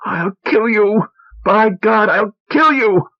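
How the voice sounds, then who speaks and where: Guy doing a shrill screaming wife, fed up and raging, way up high, muffled old tape. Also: expressive, takes it slowly, heavily acted. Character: furious exhausted wife at breaking point. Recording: muffled old cassette recording.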